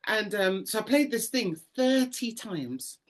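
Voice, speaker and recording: A woman's voice: mid-range voice, measured pace. A woman guest sharing an emotional faith testimony in an interview, telling her story with lots of repetition and acting out the voices in it. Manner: animated storyteller, acts out voices, frequent repetitions.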